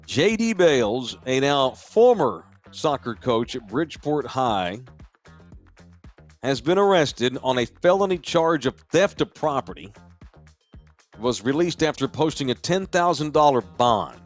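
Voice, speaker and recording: Man hosting a podcast, mid-pitch, crude and joking, faint music behind. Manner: profane, joking, wisecracking. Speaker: podcast host. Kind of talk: casual podcast chat.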